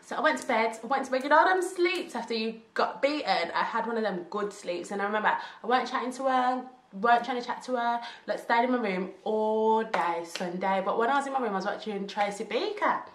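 Animated young woman, roomy echo. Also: on the high side, fairly quick. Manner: animated, slangy, laughing storyteller. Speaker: vlogger. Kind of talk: storytime vlog.

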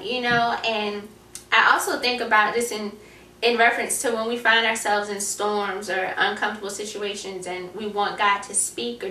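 Woman host, young adult, earnest and prayerful, bright tone, echoey room heard from a distance. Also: a little high, slight background noise. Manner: earnest, prayerful, with frequent fillers. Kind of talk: faith-based talk show chat and poetry reading.

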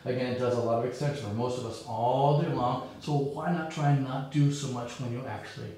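A man leading a yoga class, giving calm, encouraging cues and counting through the poses. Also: mid-range voice, fairly quick, slight background noise. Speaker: yoga instructor. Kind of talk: guided yoga class instruction. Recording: very echoey room.

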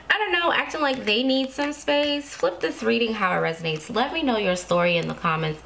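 A woman's voice: medium pitch, gravelly, a bit bright, a little hiss or hum. A woman giving a casual tarot reading to her viewers, chatty and reassuring, often laughing to herself. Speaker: tarot card reader.

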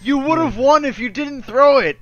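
A man's voice: very high voice, normal speed, a bit bright, muffled recording. A young man co-hosting a let's play, trash-talking his friends. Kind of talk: casual group gaming chat.

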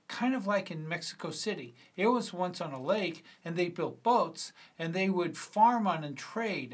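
A man's voice: fairly high pitch, husky. A man reading a screenplay aloud, voicing an eager, earnest teenage schoolboy.

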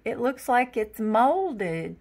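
Slow-talking, gravelly woman. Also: on the high side, very animated, a little mellow. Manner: giggly, chatty, folksy. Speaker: vlogger. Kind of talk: casual home vlog chat. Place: indoors at home.

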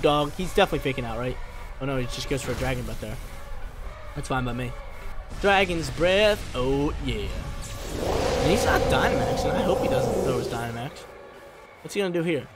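A man giving casual, excitable commentary over his own video game battle, trash-talking and joking as he plays. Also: mid-range voice. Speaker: gaming YouTuber. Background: background game music.

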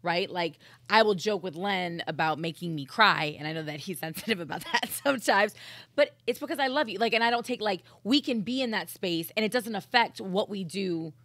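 A woman's voice: mid-range voice, lively intonation, a little fast, fairly bright tone, no room sound. A woman who co-hosts a podcast and a morning radio show, talking in an intense, blunt, profane way in a casual chat. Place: studio.

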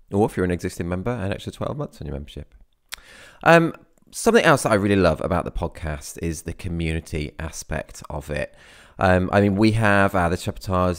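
A man's voice: low voice, gravelly. A man hosting a podcast, chatting casually and enthusiastically. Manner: enthusiastic, laughs often. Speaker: podcast host.

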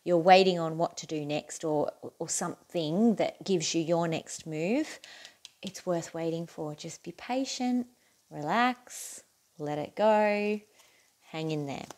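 A woman giving a casual, chatty tarot reading to camera, encouraging and quick to laugh at herself. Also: fairly low pitch, darkish tone. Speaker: tarot reader.

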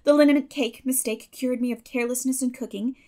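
A woman's voice: high-pitched, fairly even intonation, a little fast, warm tone, natural voice. A woman voicing a proud, spirited and talkative young girl, speaking in an earnest, declaiming way in an audiobook. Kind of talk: audiobook character voice.

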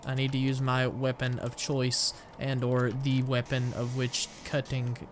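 Playing through a shooter, a young man offers casual let's-play commentary over the game's music, rambling, self-mocking, and blurting out his annoyance. The delivery is monotone and a little slow at medium pitch, with a little hiss or hum on the track.

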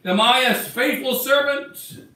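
A man's voice: extremely high pitch, a little slow, pushed and bright. A man preaching an emphatic sermon as a bishop, acting out the words he quotes. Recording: echoey church from far off.

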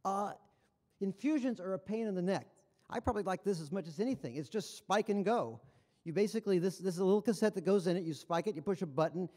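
A man delivers a conference lecture, his voice sitting high. He sounds enthusiastic and conversational and drops wry asides. A long reverb trails off his words in the large hall. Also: dark tone.

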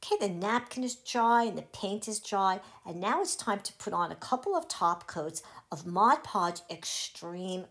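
A woman's voice: medium pitch, animated, measured pace, hardly any pauses, a bit bright. Cheerful woman teaching a craft. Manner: cheerful step-by-step instructing. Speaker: crafting channel host. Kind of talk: craft tutorial voice-over.

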